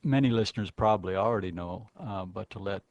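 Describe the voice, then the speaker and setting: A man's voice: lowish voice, quick pace, no room sound. A man hosting a radio interview, affable and encouraging, backing his guest with frequent murmurs of agreement. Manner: affable, frequent "mm-hmm" backchannels, easy laughter. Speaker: radio host. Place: radio studio.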